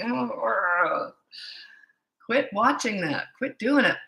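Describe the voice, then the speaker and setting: A woman's voice: lowish voice, animated, normal speed, pushed and bright, roomy sound. A woman parenting coach giving blunt, emphatic advice in a casual monologue, repeating her points for stress.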